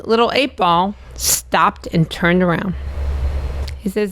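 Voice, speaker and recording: A woman comedian chatting backstage, telling a story with lively acted-out voices and frequent laughter. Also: medium pitch, slow pace, a little hiss or hum. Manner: animated, acts out voices in her stories, laughs often. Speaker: guest comedian. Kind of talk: casual storytelling chat. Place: backstage room at a comedy club.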